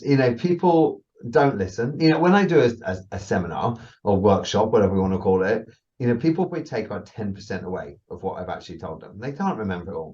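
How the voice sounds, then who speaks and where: Brief: low-voiced male agility trainer, chatty and profane, recorded dull and slightly off-mic. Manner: swearing, laughing, animated storytelling. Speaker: dog agility trainer, podcast co-host. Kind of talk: casual podcast chat.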